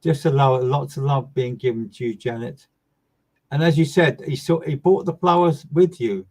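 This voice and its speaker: A mid-pitched man reads for viewers as a medium on a live online session. His delivery is gentle and soothing, full of repetition, and his phrases often fade away quietly. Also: moderate pace, low-quality recording. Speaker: psychic medium giving live readings.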